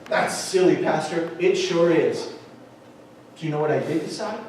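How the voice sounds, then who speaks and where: A man pastor preaching a sermon, building to emphatic, near-shouted peaks. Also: a little high, brisk, a little hiss or hum. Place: large church sanctuary. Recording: echoey church hall from far off.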